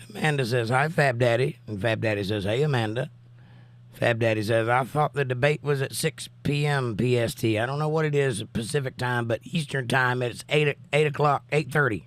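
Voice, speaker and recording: Chatting easily on a casual livestream, a male host reads viewer comments aloud while his voice recovers from days of coughing. He has an ordinary middle pitch, a fairly bright tone, and a moderate pace, and the recording is dry.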